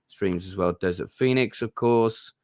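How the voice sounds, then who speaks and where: Brief: male streamer, fairly low voice, loose rambling chat, dry close sound. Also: a little slow, darkish tone, dry recording. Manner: rambling, full of restarts and ums. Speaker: livestream host. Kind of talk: casual chat.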